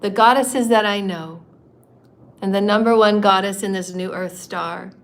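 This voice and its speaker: A woman hosting a live stream, speaking in a soft, earnest, devotional way with a scratchy, hoarse voice and long flowing phrases of praise and thanks. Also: medium pitch, fairly even intonation, measured pace. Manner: heartfelt and reverent, praising and thanking. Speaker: spiritual live-stream host. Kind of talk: devotional spiritual talk.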